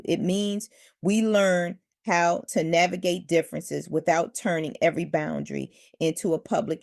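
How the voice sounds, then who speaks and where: A woman reading scripted commentary in a firm, measured, lecturing way. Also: deep voice, vocal fry, darkish tone, dry recording, clean studio sound.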